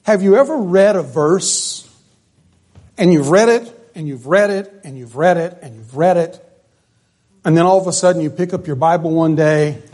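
A man preaching a sermon, stressing words hard and then dropping to quiet lines. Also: a little high, expressive, normal speed. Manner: emphatic, swings between loud stresses and quiet drops.

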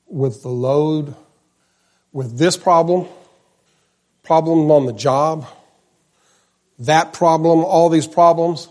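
Male preacher, fifties, earnest and chatty, slightly high voice, church sermon. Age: 50s. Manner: earnest, conversational, repeats names for emphasis. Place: church, in front of the pulpit.

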